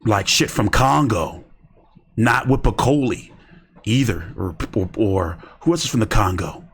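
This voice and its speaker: A man's voice: lowish voice, a little slow, fairly bright tone, breathy edge. A man giving rambling, slangy commentary on boxing during a casual live stream. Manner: rambling, slangy, talks to himself while browsing.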